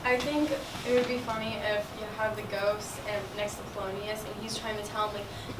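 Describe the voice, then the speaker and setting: A woman's voice: mid-range voice, steady tone, fairly quick, hardly any pauses. A teenage female student joking through a scene idea and acting out the quotes. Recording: echoey classroom, distant mic, hiss.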